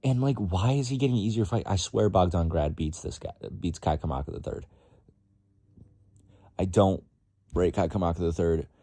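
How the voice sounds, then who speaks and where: Young guy rambling fight picks, low gravelly voice, dry close sound. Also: normal speed, long pauses, warm tone, dry recording. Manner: rambling, profane, lots of fillers. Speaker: MMA fight predictor. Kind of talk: casual vlog commentary.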